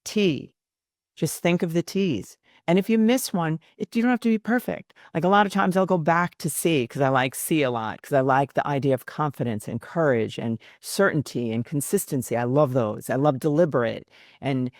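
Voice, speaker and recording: A woman hosting a self-help podcast, earnestly encouraging listeners and reciting slow, deliberate affirmations one by one. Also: deep voice, darkish tone, dry recording, studio quality. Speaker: podcast host. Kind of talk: motivational self-help talk.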